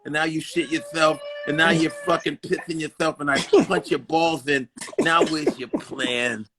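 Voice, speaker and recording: Crude, taunting comedian. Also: male voice, on the high side, level tone, normal speed, background noise. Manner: crude, taunting, mock-aggressive. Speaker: comedian, stream host. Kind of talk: comic trash talk on a live stream. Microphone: phone.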